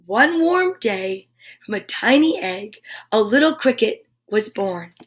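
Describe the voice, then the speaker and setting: A woman hosting a children's story time, reading picture books aloud in an animated way with playful asides to her young listeners. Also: medium pitch, slow.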